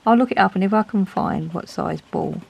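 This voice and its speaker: A woman's voice: mid-range voice, wildly swooping pitch, moderate pace, vocal fry, background noise. A woman, chatting casually and thinking aloud as she reviews art supplies.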